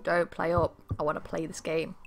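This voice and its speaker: Woman streamer, chatty and sweary, gravelly voice, quiet game music behind. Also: deep voice, level tone, moderate pace. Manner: chatty, swears casually, reads game text aloud. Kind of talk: casual let's-play commentary.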